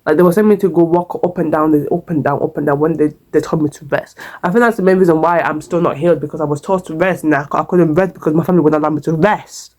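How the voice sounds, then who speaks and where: A woman's voice: deep voice, steady tone, fast, few pauses, a little mellow. A young woman vlogger telling a casual storytime, chatty and repetitive, with frequent swearing. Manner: chatty, repeats herself, swears, sings a short hymn.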